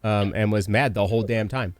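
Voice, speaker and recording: A man hosting a casual podcast chat, telling stories fast and animatedly with frequent swearing. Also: fairly low pitch, steady tone, dry recording, faint music behind. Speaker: podcast host and streamer.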